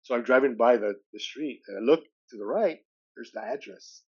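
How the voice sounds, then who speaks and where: A man in his sixties, a podcast guest from California, telling a personal story with animated delivery. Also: medium pitch, brisk, creaky, lo-fi sound. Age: 60s. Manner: animated storyteller who acts out dialogue with shifting voices.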